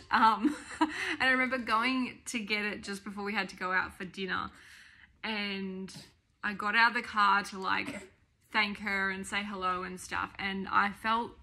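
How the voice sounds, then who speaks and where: Chatty young Australian mum vlogging. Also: female voice, medium pitch, pushed and bright. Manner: chatty and rambling, often breaks off to talk to her baby and dogs. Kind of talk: casual storytelling to camera.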